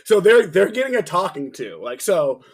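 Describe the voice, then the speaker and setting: A man's voice: high-pitched, moderate pace, husky. A man on a podcast, casually telling a story with lots of swearing, acting out what people said. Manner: animated, swearing, acts out quotes. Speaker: podcast co-host, bass player.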